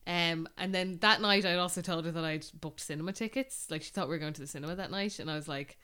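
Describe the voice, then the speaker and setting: Low-voiced Irish woman telling a story. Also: fast talker, sharp tone, clean tone. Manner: rambling storyteller, full of "like". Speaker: podcast host. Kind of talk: casual chat.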